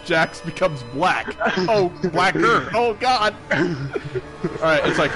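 A man's voice: sits high, big pitch swings, slow pace, over music. Giggly let's play guy, crude jokes. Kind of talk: casual gameplay commentary.

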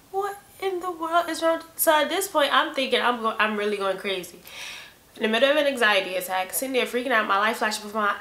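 Bright-voiced woman in her twenties telling a story. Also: fairly high pitch, roomy sound. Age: 20s. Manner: animated storytelling, acting out texts and replies. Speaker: vlogger. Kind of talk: casual storytime vlog. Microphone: camera mic.

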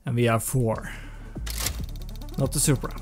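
Halting man commenting on a race game. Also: medium pitch, fairly even intonation. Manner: rambling, halting, with frequent restarts and self-talk. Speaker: gaming channel host. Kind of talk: casual racing game commentary. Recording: game music playing over the voice.

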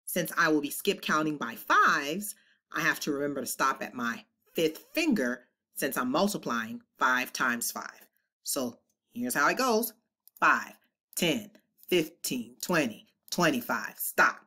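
A woman teacher leading a children's math lesson with a low but bright voice. Her pitch swings widely as she counts along in a sing-song, encouraging way. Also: very animated, measured pace.

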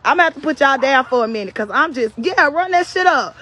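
Her voice sits high and a bit bright as she speaks fast and expressively, a Southern vlogger from North Carolina delivering a profane, defiant rant to followers. It's an unscripted live-stream, and she gets out of breath at times.

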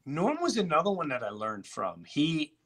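A middle-aged man telling a story in casual chat, animated and profane, acting out what others said. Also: a little high, normal speed, husky. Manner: animated, swearing, acts out quotes. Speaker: guest.

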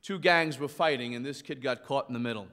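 A priest preaching with passion and telling a dramatic story, acting out its voices. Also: male voice, medium pitch, a little fast. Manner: impassioned storyteller who acts out the shouting in his story. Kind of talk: preaching a rally speech with a story. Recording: long hall reverb.

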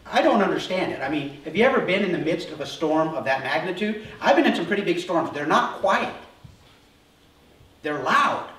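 A male pastor preaching a sermon, telling the story with animated energy and acting out voices before settling into calm, earnest teaching. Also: fairly high pitch, moderate pace. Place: church sanctuary. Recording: roomy hall from a distance.

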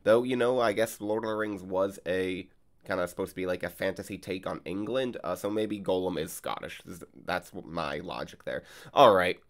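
A man's voice: deep voice, normal speed. A man hosting a card game channel, chatting casually and rambling with lots of fillers. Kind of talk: casual gameplay vlog and commentary. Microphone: desk mic while recording gameplay.

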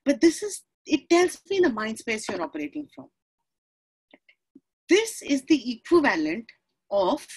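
A woman in her forties with an Indian accent, giving a motivational talk on a video call. She mixes Hindi into her English, stretches key words slowly and often asks "right?". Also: a little high, low-quality recording. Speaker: speaker on mindset.

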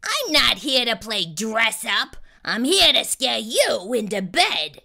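A haughty monster lady with sharp claws and a rasping voice, put on by a woman reading aloud. She speaks in a bright, lively tone with a slow, drawn-out pace. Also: fairly high pitch, exaggerated voice. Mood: scornful.

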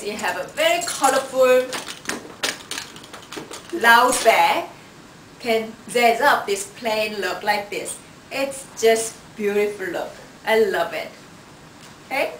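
Slow-talking woman stylist. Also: fairly high pitch, a bit bright, slight background noise. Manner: unhurried, shows each item with "like this". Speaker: fashion stylist presenting clothes. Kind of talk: product styling demo. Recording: roomy sound from a distance.

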